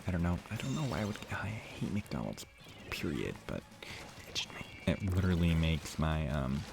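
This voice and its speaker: A young man streaming a game late at night, talking quietly and half-whispering in a rambling, restarting way so he won't wake his sister. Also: low-pitched, huge pitch swings, moderate pace, vocal fry, background noise. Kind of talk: quiet live stream chat while playing. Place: room at home at night. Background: game music.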